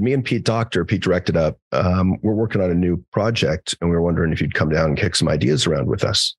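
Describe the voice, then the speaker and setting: A man with a very deep, slightly raspy voice talks through anecdotes as a podcast guest, slipping into quoted voices and casual swearing. He speaks in a loose, chatty way full of fillers and restarts. The sound is dry, with no room echo. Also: a little fast. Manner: animated storyteller acting out quoted dialogue. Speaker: psychologist guest. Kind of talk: conversational podcast storytelling.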